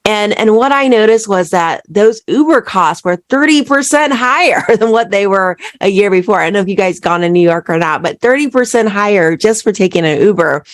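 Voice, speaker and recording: A woman's voice: mid-range voice, expressive, fairly quick, hardly any pauses, no echo, studio quality. A woman hosting a solo business podcast. She keeps putting questions to her listeners and tags "right?" onto her points. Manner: asks listeners repeated rhetorical questions, says "right?" often. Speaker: podcast host and accountant.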